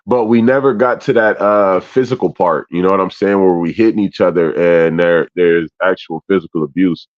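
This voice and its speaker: A man co-hosting a candid casual chat, telling stories animatedly and acting out his own reactions with loud swearing. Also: low voice, fairly even intonation, normal speed, dull audio. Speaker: podcast co-host.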